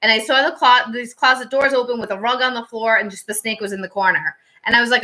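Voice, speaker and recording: A woman's voice: on the high side, steady tone, fast talker, few pauses, bright, forceful tone. A woman tarot reader casually telling stories on a livestream, chatty and full of fillers and restarts.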